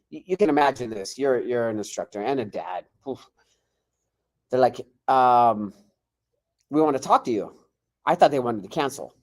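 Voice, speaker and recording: A male martial arts instructor, a podcast guest, telling stories in a casual way and acting out quoted dialogue. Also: medium pitch. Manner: animated, acts out quoted dialogue.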